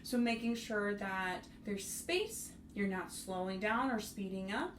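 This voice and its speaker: A woman's voice: mid-range voice, unhurried, fairly bright tone, faint music behind. A woman teaching young students a piece, speaking in an encouraging way and singing rhythms on syllables to show them. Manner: sings rhythms on syllables to demonstrate. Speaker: bassoon instructor. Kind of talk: music tutorial. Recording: roomy, mic at a distance, faint noise.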